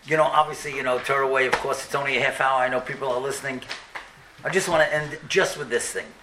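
A man giving a storytelling sermon, animated and acting out the dialogue. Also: mid-range voice, quick pace, noisy background. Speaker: speaker. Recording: echoey room, mic at a distance.

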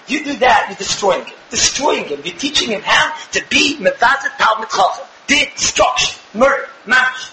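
A man's voice: extremely high pitch, lively intonation, normal speed, few pauses, bright, forceful tone, echoey room, slight background noise, rough recording. A man teaching a religious lecture with emphasis, firing off rhetorical questions and acting out little dialogues. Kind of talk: Torah lecture.

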